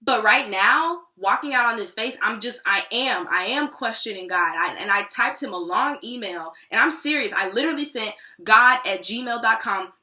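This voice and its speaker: A woman's voice: fairly high pitch, expressive, moderate pace, few pauses, sharp tone. Candid, profane woman in an echoey room. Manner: candid, profane, rambling and emotional. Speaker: aspiring songwriter. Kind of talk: personal vlog diary. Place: New York City.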